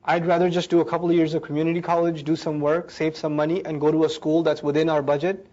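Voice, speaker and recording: A man's voice: fairly high pitch, level tone, quick pace, a little mellow, lightly acted. A man voicing a pleading, reluctant teenage son, on a dull lo-fi recording.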